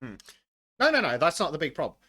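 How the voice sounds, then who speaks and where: A man with a fairly high and very bright, forceful voice, hosting a podcast chat. He sounds excitable and keeps tripping over restarts as he pushes his point. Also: fast, slightly rough. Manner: excitable, stumbling restarts, laughs often. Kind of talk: casual chat.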